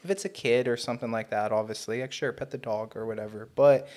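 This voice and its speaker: A man's voice: medium pitch, fairly even intonation, fast, a little mellow. A man co-hosting a podcast in casual chat, blunt and swearing casually. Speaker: podcast co-host.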